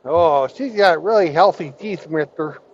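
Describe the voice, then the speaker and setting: A man putting on a high, squeaky, childlike voice for a character in a joke he is telling. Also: a little slow, lo-fi sound, noisy background. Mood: eager. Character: short man with a cleft lip telling a joke, childlike and excited.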